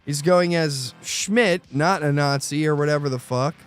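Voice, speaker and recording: A man's voice: fairly high pitch, clean tone, soft background music. Profane, chatty male podcast host. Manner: profane, retells scenes with quick put-on quotes. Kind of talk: casual movie review chat.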